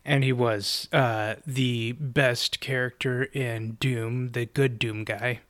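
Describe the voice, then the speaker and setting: A man on a casual movie podcast, halting and correcting himself as he talks. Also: medium pitch, steady tone, fairly bright tone. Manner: halting, slow, with self-corrections.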